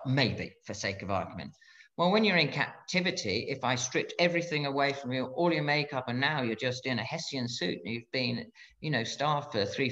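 A man's voice: mid-range voice, bright, forceful tone. Blunt middle-aged man, dull lo-fi sound. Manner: blunt, frank, halting with restarts. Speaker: guest, former fighter pilot. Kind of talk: candid interview conversation.

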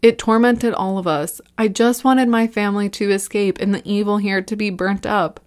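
A woman's voice: medium pitch, steady tone, normal speed, lightly acted. A woman reading a horror story and voicing a panicked young man who is near tears and bitter.

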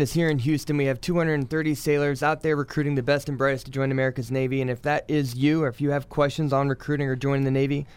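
Earnest smooth-voiced man promoting the Navy. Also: fairly high pitch, no room sound. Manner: earnest, promotional, many fillers. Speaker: navy public affairs officer. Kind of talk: radio interview guest.

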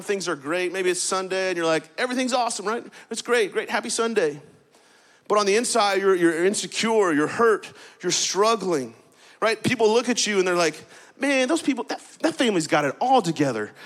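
A male pastor preaching a sermon in a lively, conversational way, often adding "right?" and getting the congregation to repeat words back. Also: high voice. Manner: energetic, conversational preaching with frequent "right?" asides. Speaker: campus pastor.

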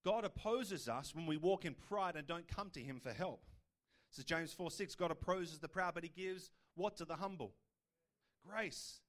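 A high-voiced pastor preaches a sermon at a moderate pace. His delivery is conversational, sprinkled with rhetorical questions.

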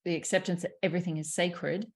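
A woman with a low, husky voice talks as a sexuality coach in a relaxed podcast chat. She is candid and lively, swears without hesitation and laughs easily. Her delivery stays open and conversational. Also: fast. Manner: candid and animated, swears freely, laughs often.

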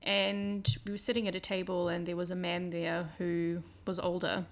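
A woman with a New Zealand accent hosts a relaxed conversation in a slightly low voice. She speaks earnestly and reflectively. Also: moderate pace, creaky. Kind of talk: casual conversation.

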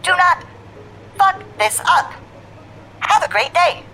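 A man's voice: very high-pitched, animated, slow pace, sharp tone, slight background noise, voice pushed up, heavily acted. A man voicing a female robot butler, polite but curt, in a tabletop game.

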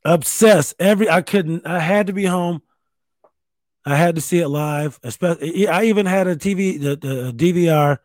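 A man's voice: fairly high pitch, moderate pace, a little mellow, no room sound. A man in his thirties hosting a casual solo podcast from a spare bedroom at home, rambling and swearing with self-mocking humor. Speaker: podcast host.

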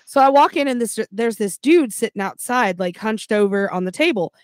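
A woman podcast co-host telling a story in a casual, animated and profane way. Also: fairly high pitch, moderate pace, no echo.

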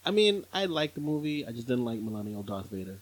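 Man, podcast co-host, casual chat, husky voice, wildly swinging pitch, wry, laid-back. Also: big pitch swings, quick pace.

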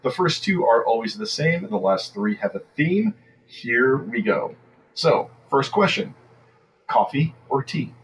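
A man hosting a podcast, telling a story in a relaxed, easygoing way. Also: mid-range voice, measured pace. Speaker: podcast host. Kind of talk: casual podcast chat. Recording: distant mic with faint room noise.

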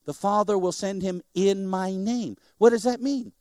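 A middle-aged man, a missionary preacher, giving an animated sermon in church and joking with the congregation. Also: high-pitched, moderate pace, clean tone, no room sound, clean studio sound.

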